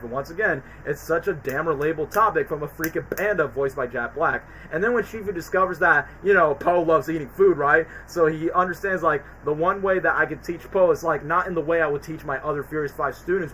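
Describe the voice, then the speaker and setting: A man streaming a casual film ranking, talking in an excitable, rambling way with many fillers. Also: a little high, fairly quick, hardly any pauses, a little hiss or hum, poor audio. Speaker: streamer reviewing films. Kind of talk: casual chat.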